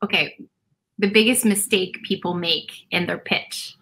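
A woman interviewing a pitch coach, eager and agreeable, often answering with short yeahs. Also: steady tone, measured pace, sharp tone, slightly rough. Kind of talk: casual interview chat.

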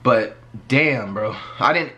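A man's voice: mid-range voice, takes it slowly, pushed and bright, muffled recording. A man hosting a reaction video, talking casually and reflectively with many fillers. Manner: fillers like "you know what I'm saying", reflective. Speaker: reaction channel host.

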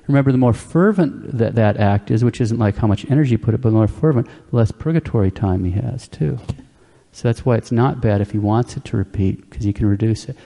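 A man preaching a sermon in a calm, plain-spoken way, checking in with his listeners with a quick "okay?" as he explains. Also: medium pitch, creaky, big-room sound.

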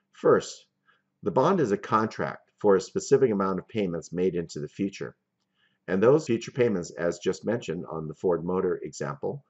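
A man with a very low voice lectures on finance and walks through each example step by step. The recording sounds dull and lo-fi. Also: darkish tone. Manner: methodical, explains step by step with worked examples.

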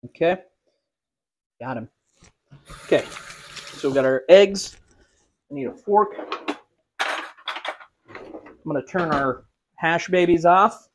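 A man's voice: on the high side, expressive, slow pace, pauses often, a little hiss or hum. Joking man hosting a cooking vlog. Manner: joking, self-mocking asides while cooking. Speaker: cooking show host. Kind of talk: casual cooking vlog chat. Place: home kitchen.

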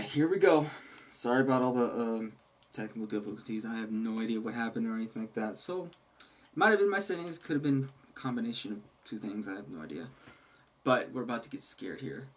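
A man's voice: medium pitch, breathy edge. A man commentating a horror game he is playing, talking back to the monsters and yelping when startled, speaking into a headset at his home setup. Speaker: gaming channel host. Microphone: gaming headset. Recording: loud background noise.

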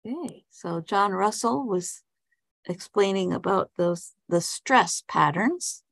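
A woman's voice: mid-range voice, expressive, slow pace, gravelly, fairly bright tone. A woman teaching an online English class over a video call, talking hesitantly with frequent ums and restarts while asking students friendly questions. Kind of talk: casual online class talk.

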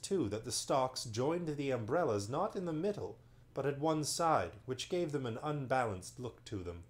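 Expressive man reading a bedtime story. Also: medium pitch, moderate pace. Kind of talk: reading a children's novel aloud on a livestream.

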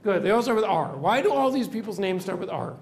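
A rabbi teaches a classroom of students in a lecture, explaining step by step, quizzing the class, and tacking "right?" onto nearly every point. His voice is high, expressive, brisk, and creaky.

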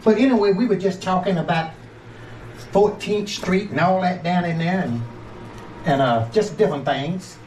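Calling viewers in closer, an older Georgia home cook hosts his casual cooking channel with playful, folksy chatter. He speaks at a moderate pace in a darkish voice that sits fairly high for a man, over a faint hum of background noise.

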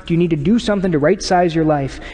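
Earnest pastor, voice ringing in a hall. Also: male voice, fairly high pitch, fast talker. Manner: earnest, conversational preaching that drops to hushed tones. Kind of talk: sermon. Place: church sanctuary. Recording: long church reverb.

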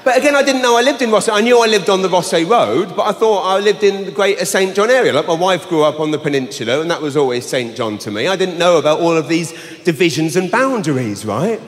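A man performing live stand-up comedy, telling a story with animated bursts of shouting. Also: high-pitched, fast. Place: large arena stage. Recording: live arena with long reverb.

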